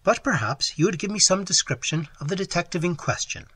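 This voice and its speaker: A man with a hoarse voice playing an impatient, flustered Victorian gentleman who speaks in a tense, clipped, coldly polite way. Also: high-pitched, lively intonation, brisk, pitched above the performer's own voice, exaggerated voice. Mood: guarded.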